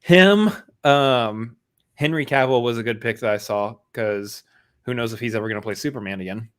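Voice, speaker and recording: A man co-hosting a film podcast, chatting casually in a rambling, halting way with plenty of fillers. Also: mid-range voice, a bit bright, smooth. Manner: rambling, halting, self-deprecating. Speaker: podcast co-host. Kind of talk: casual chat.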